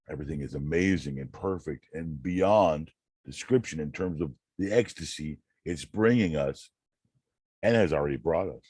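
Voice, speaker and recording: A man hosting a channel, reading self-help quotes and musing aloud in a slow, rambling way, often repeating words. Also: low-pitched, animated, a little mellow, husky, no room sound. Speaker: channel host.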